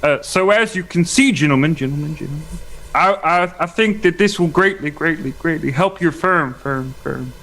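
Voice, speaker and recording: Guy doing a high nervous pitchman voice, stammers and echoes himself. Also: normal speed, a bit bright. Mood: flustered. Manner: stammering, echoing his own words. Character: nervous middle-aged male ad pitchman.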